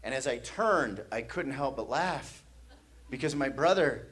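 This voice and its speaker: A man's voice: mid-range voice, animated, measured pace, a bit bright. A man from the American Midwest doing stand-up comedy, telling a story with laughter and sound effects on a comedy stage.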